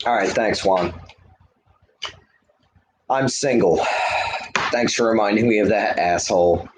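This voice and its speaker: A man's voice: fairly low pitch, unhurried, reverberant, background noise. Heated, profane man ranting to chat. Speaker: livestreamer. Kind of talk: live stream rant to chat.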